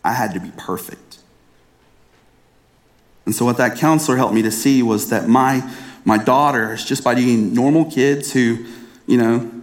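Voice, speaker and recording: A man in his thirties delivers a sermon from the pulpit in a mid-pitched, everyday voice. He talks earnestly and conversationally, as if to friends, often stumbling over and repeating the start of a phrase. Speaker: pastor.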